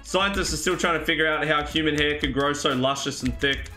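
A man's voice: a little high, fairly quick, pushed and bright, faint music behind. A man streaming a video game, chatting casually with his live chat, reading messages aloud and laughing often.

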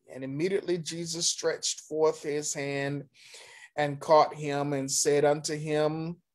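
A man, a pastor, teaching a Sunday school Bible lesson, reading scripture aloud and explaining it in a deliberate, halting way with pauses and restarts. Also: fairly high pitch, steady tone, darkish tone.

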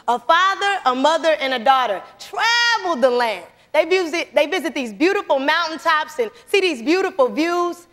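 A young woman giving an animated motivational speech in a church, calling out to the audience as she tells stories. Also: high-pitched, moderate pace, hardly any pauses. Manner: animated, calls to the audience, storytelling. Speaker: motivational speaker. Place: church sanctuary. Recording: long church hall reverb.

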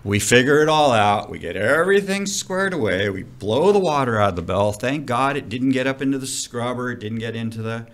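A middle-aged man, a commercial diving instructor, telling stories in a casual interview, animated and profane. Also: mid-range voice, fairly quick, few pauses. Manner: animated, profane, vivid storyteller.

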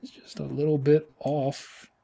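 A man gives casual, playful commentary while he plays a game, like the host of a gaming channel. His voice is mellow and warm, and it jumps into high squeals at the exciting moments. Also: a little slow, vocal fry. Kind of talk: casual let's-play commentary.

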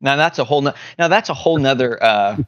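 A man's voice: medium pitch, quick pace, smooth, lo-fi sound. Rambling man spinning a conspiracy tale. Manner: rambling, deadpan conspiracy storytelling with many fillers. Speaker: podcast co-host. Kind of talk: casual joking chat.

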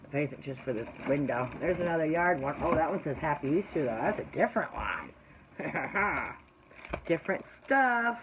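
A woman's voice: low voice, big pitch swings, moderate pace, muffled recording, noisy background. A woman vlogger and shop owner chatting through an unboxing haul. She rambles, talks straight to her viewers and sometimes slips into an exasperated rant.

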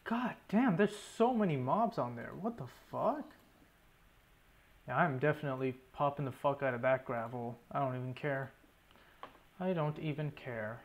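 A man's voice: medium pitch, normal speed, muffled recording. A young man giving running commentary over his own gameplay, swearing often and talking to himself in exasperation. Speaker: gaming YouTuber.

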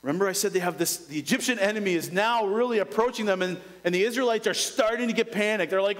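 A man's voice: high-pitched, animated, fairly quick. Man preaching in a reverberant church. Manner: dynamic preaching, dropping to a hush then rising to urgent lines. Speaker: pastor. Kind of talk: sermon.

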